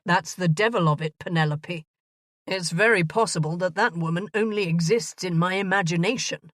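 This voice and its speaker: A woman voicing an earnest, bumbling gentleman of thirty proposing marriage in a romance audiobook. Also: fairly low pitch, moderate pace, no room sound, clean studio sound, close to an everyday voice.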